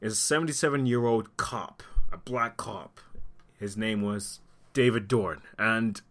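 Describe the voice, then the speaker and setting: A man giving impassioned opinion commentary in a vlog, heated and sarcastic, sometimes dropping low as he admits he is upset. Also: measured pace. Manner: heated, sarcastic, rising to indignant outbursts; talks through being upset, voice dropping low at times. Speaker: vlogger.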